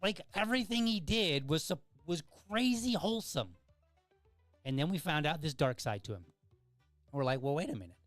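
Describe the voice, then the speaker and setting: A man's voice: a little high, animated, moderate pace, a bit bright, no echo, soft background music. A man hosting an opinion show, lecturing emphatically and firing off exasperated rhetorical questions while reading out viewer comments. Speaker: podcast host.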